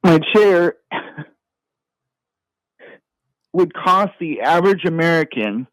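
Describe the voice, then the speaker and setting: A male caller on the verge of tears, his slightly high voice breaking into halting, stammered phrases. The sound is dry and close, with no room echo. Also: animated, fairly bright tone. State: holding back tears. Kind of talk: phone-in conversation.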